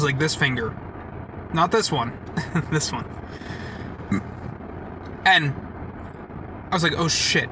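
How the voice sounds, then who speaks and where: A young man vlogging a heated, profanity-filled story, rambling and saying "like" a lot, to a camera set down outdoors near traffic. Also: fairly high pitch. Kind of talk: casual storytelling. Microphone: camera set down nearby.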